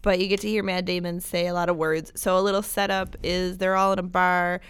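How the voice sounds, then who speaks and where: A woman's voice: lowish voice, flat delivery, fairly bright tone, clean tone, no room sound. Chatty woman co-hosting a movie podcast. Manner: chatty, quick to laugh. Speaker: podcast co-host. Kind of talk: casual movie chat.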